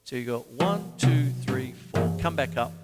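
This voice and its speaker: An Australian man talks through a drum lesson in a loose, rambling way, counting the beats aloud as he goes. His voice sits at a middling pitch and trails off into a long reverb. A loud drum kit pounds away behind him. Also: expressive, a little slow, over loud music. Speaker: drum teacher. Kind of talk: casual drum lesson with playing. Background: drum kit playing.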